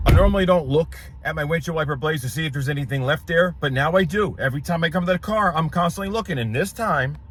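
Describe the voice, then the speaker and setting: A man vlogging about a stalker while he travels, anxious and full of questions, sometimes muttering low and sometimes breaking into excited high bursts. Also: fast, hardly any pauses. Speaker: paranormal vlogger. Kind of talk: vlog narration, talking to camera. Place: in and around his car on a road trip. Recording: noisy background, car and road sounds.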